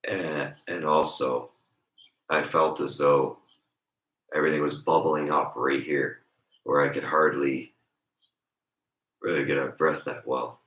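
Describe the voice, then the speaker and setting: A hoarse, congested man with a raspy voice, rambling and joking in a casual chat as a streamer. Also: a bass voice, fairly even intonation, slow, pauses often, a bit bright, roomy sound.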